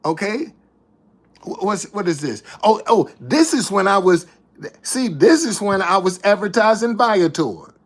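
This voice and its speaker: A man who works as a tour guide, telling stories to the camera in a casual, animated way and often repeating or restarting his phrases. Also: high-pitched, measured pace.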